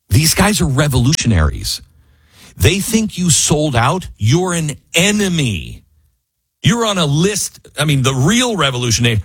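Male talk radio host, husky, emphatic, pitch all over the place, dry booth sound. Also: no echo. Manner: emphatic, animated, acts out quotes in mocking voices. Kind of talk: opinionated political talk radio.

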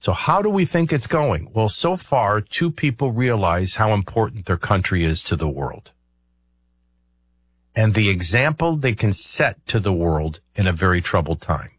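Low husky-voiced male radio host. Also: expressive, moderate pace, dry recording. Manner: rambling, explanatory, with filler ums and uhs. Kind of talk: conversational political commentary.

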